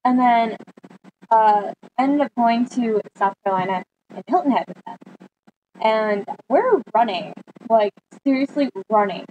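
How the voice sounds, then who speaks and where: Teenage girl, casual storytelling, fairly high voice, animated quoting, faint background hiss. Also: unhurried, highs cut off. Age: teens. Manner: chatty, animated quoting of friends. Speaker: vlogger.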